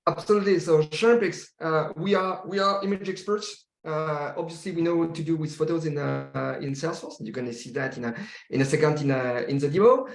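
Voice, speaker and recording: A man from France with a French accent presenting a product demo on a video call, talking haltingly with many fillers and restarts. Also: fairly high pitch, vocal fry, echoey room. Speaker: company founder presenting a demo.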